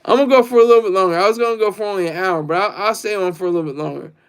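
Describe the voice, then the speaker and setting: A man's voice: high voice, very fast, smooth. A man hosting a casual livestream, reading chat comments and rambling boastfully, laughing often. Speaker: livestream host.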